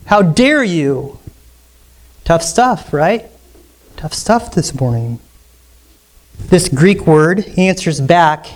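This pastor's voice leans high as he preaches in a church sanctuary. He's emphatic throughout, climbing sharply on the important lines and easing his pace whenever scripture comes up.

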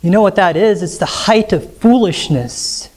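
A man preaching a sermon as pastor, emphatic and rising sharply on key lines, slowing down when quoting scripture. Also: high voice, a little mellow. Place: church sanctuary.

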